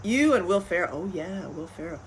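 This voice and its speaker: Woman, middle-aged, podcast host, casual chat, rambling storyteller, lowish voice, faint background noise. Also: a little fast. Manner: rambling, animated storytelling with laughs.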